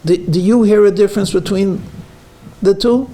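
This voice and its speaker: A man's voice: high voice, moderate pace, dark tone. A man, a rabbi, giving a weekly lecture, telling stories and stressing words to show how emphasis changes meaning. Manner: storytelling, stresses words for emphasis, frequent fillers. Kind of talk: sermon with jokes and teaching.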